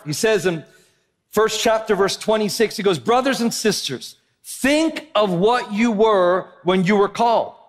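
A man in his thirties preaching a sermon as pastor, telling a funny family story in an animated, joking way and often asking the crowd "right?". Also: high-pitched. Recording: long hall reverb of a church.

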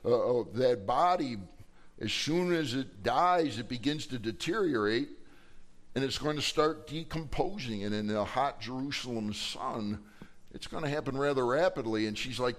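A man's voice: mid-range voice, moderate pace. A man preaching a Sunday sermon as pastor, acting out the people in the story in dramatic voices. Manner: preaching with dramatic acted quotes. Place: church sanctuary.

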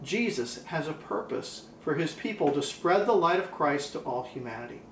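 A man preaching a sermon as pastor, emphatic and repeating key phrases, slowing down for weight. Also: fairly high pitch, expressive, a bit bright, echoey room, a little hiss or hum, poor audio.

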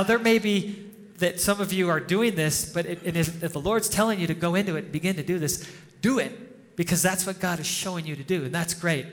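Higher-voiced pastor in a reverberant hall. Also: male voice, a bit bright. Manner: informal storytelling, chuckles often. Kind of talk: conversational sermon. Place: church hall before a congregation. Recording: long reverb of a church hall.

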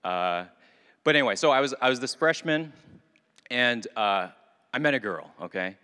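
Young man, bright clear voice, self-mocking storyteller, speaking to a group, reverberant hall. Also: mid-range voice, animated, moderate pace. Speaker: retreat speaker. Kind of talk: casual talk to a group.

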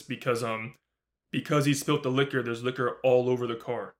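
A man co-hosting a podcast, recapping a horror film in casual, animated talk, swearing often and acting out the characters' lines. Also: medium pitch, a little fast. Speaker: podcast co-host. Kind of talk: casual movie review recap.

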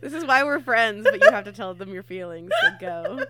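A woman's voice: fairly high pitch, wildly swooping pitch, a crowd in the background. A young woman co-hosting a podcast, teasing and joking with her friend in casual chat. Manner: playful, teasing, quick jokes. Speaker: podcast co-host.

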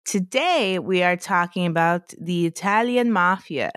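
A woman's voice: on the low side, unhurried, fairly bright tone, clean tone, no echo, studio quality. A woman hosting a podcast, telling a story in a loose, conversational way and laughing easily between points. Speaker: podcast host. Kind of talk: casual podcast chat and storytelling.

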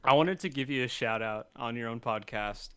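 A man's voice: mid-range voice, fairly quick, crowd noise. A man guesting on a podcast in casual chat, teasing the hosts with short quips.

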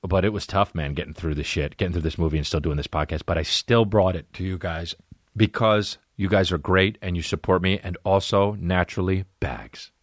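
A man hosting a comedy podcast, ranting in a profane, excitable way and jumping into loud yelling bits. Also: deep voice, a little fast, no room sound, studio quality. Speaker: podcast host. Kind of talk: casual comedic monologue.

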